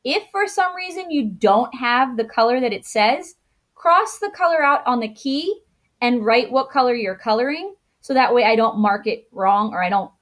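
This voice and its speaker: A woman teacher giving a grammar lesson to children. She explains patiently step by step, corrects herself as she goes and acts out intonation with big jumps in pitch. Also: lively intonation, normal speed, fairly bright tone. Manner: self-correcting, thinks aloud.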